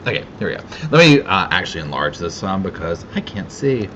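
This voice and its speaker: Southern guy hosting a live chat, real lively up-and-down voice, kinda dull lo-fi sound. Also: low-pitched, fairly quick, noisy background. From Carolinas, US South. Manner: chatty, greets viewers by name, laughs often. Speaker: livestream host. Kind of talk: casual live-chat livestream.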